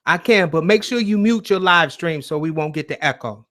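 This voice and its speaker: A man with a high-leaning, pushed and bright voice hosts a call-in show at a moderate pace. He chats loosely and bluntly with callers, swearing casually, over a shaky internet connection.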